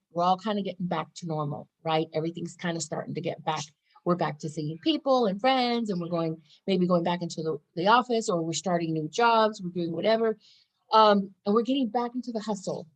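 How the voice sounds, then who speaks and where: A woman's voice: fairly low pitch, poor audio. A woman in her thirties talking casually to camera in a bubbly, upbeat, chatty way. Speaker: wellness vlogger.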